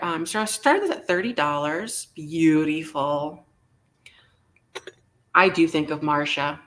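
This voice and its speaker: A man's voice: high-pitched, pushed and bright. A man hosting a live online vintage sale, taking bids and joking playfully with a theatrical manner. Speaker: live auction seller.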